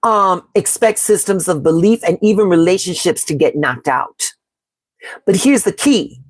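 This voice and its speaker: A woman's voice: on the low side, lively intonation, unhurried, no room sound. Emphatic woman hosting a live tarot reading. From Chicago. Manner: emphatic and repetitive, calling viewers "baby" and "y'all"; reads out and answers the live chat. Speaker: tarot reader and astrology host.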